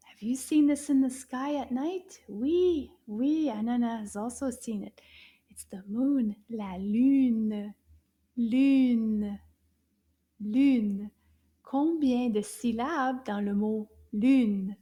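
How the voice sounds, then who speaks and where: Woman, children's teacher, mellow warm tone, sing-song, cheerful. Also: fairly high pitch, slow. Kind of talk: children's language lesson.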